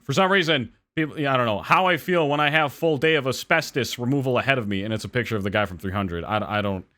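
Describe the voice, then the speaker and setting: A man's voice: mid-range voice, quick pace, bright, forceful tone. A man hosting a live-streamed podcast, chatting casually, rambling and swearing. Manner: rambling, swears, self-deprecating. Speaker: podcast host.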